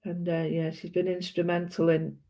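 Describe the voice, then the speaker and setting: A woman's voice: on the low side, completely flat delivery, normal speed, dark tone. A British woman chatting casually and rambling while she colours, often correcting herself. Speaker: art vlogger. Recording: dull lo-fi sound.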